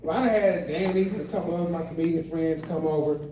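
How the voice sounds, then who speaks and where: Speaking a little fast in a voice on the high side, an older man does a stand-up set before a live audience indoors at an adult day center. He tells family stories, voicing the children and himself. A distant mic picks up the roomy live space and the laughter of the crowd.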